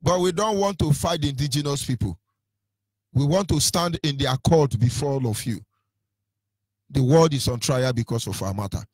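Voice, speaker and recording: A man's voice: mid-range voice, normal speed, a little mellow, no echo. A Nigerian-accented man presenting on radio in a combative, taunting rant, hurling insults with sing-song lilts.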